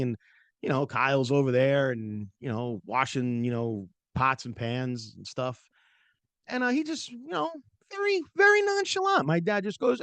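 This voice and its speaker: A middle-aged podcast host with a slightly high voice tells a personal story, chatty and casual, with lots of fillers. He's animated and acts out the voices of people he quotes, and there's no room sound on the recording.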